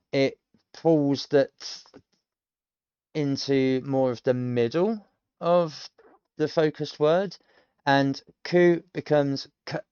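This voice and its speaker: This British streamer in his thirties is a self-taught language learner, casually thinking aloud and explaining pronunciation while rambling with plenty of ums. His medium-pitched voice is smooth and a little mellow, on a dry, lo-fi recording.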